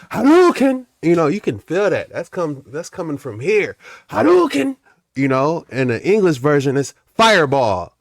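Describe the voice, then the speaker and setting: Laid-back low-voiced male host. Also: dry recording, studio quality. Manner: laid-back, slangy and rambling. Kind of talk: casual commentary on viral clips.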